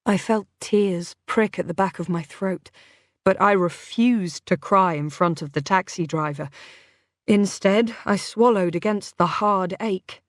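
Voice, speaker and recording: A woman's voice: mid-range voice, measured pace, no echo, studio quality. A woman reading a thriller audiobook in first-person scripted narration, with tense, dramatic delivery.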